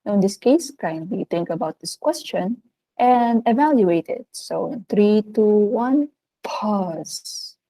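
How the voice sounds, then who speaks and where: A woman with a Filipino accent, teaching a recorded video lesson. She speaks in an upbeat, animated way, with sudden lifts in pitch. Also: unhurried, rough recording. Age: adult of working age.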